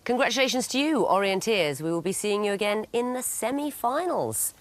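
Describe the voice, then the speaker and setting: A woman's voice: mid-range voice, expressive, fairly quick. A woman hosting a quiz show, reading scripted links and giving verdicts with a dry wit.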